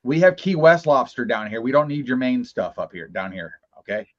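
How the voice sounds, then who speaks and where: A man's voice: medium pitch, animated, moderate pace. Boisterous man on dull, lo-fi audio. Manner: boisterous, argumentative joking. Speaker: co-host. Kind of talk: casual chat.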